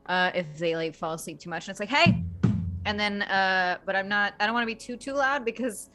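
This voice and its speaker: A woman's voice: medium pitch, fast, pushed and bright, soft background music. A woman playing a tabletop game, describing her character's actions casually with lots of fillers. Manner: chatty, with many fillers. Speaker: player. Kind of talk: casual role-play chat.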